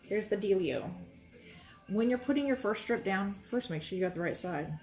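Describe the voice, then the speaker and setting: A woman's voice: mid-range voice, lively intonation, fairly quick, soft background music. Chatty woman teaching a quilting demo. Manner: chatty and reassuring, talks while working. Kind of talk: casual demonstration tutorial. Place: sewing room, moving between workstations.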